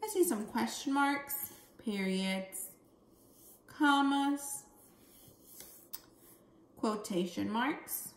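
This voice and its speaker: A woman teaching a second grade phonics lesson, speaking slowly and clearly as she models reading aloud. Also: on the high side, echoey room. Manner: slow, clear, deliberate reading with expressive dialogue voices.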